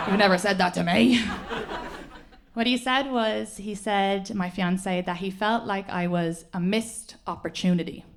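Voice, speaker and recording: An Irish woman in her thirties performing a stand-up comedy set, telling stories quickly and animatedly, often laughing along. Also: mid-range voice. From Ireland. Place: comedy club stage with an audience. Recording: live stage mic with audible audience laughter.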